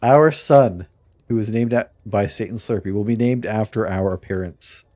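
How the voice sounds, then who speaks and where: A man's voice: fairly low pitch, moderate pace, darkish tone, no room sound. Chuckling man in game commentary. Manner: chuckling, playfully scheming. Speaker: streamer playing a strategy game. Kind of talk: let's play commentary.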